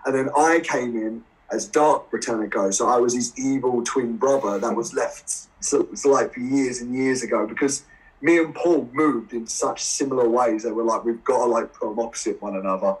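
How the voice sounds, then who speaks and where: A man in his twenties with an Essex accent, telling stories as a guest in a casual interview, animated and laughing often. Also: medium pitch, moderate pace. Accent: English, Essex. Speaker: guest wrestler. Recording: voice a bit far from the mic.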